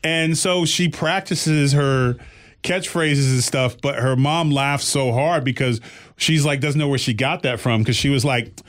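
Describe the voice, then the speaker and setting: A middle-aged man, a comedian, telling a story in casual chat and jumping high in pitch when he quotes people. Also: measured pace. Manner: animated storyteller, jumps high when quoting others. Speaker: comedian and podcast host.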